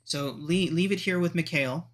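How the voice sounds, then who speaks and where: A man's voice: fairly high pitch, moderate pace, a bit bright, voice pushed up, natural voice. Pao Ming, a gracious riverboat hostess, voiced by a man. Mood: polite. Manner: polite, formal, welcoming. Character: gracious female hostess overseeing a riverboat casino.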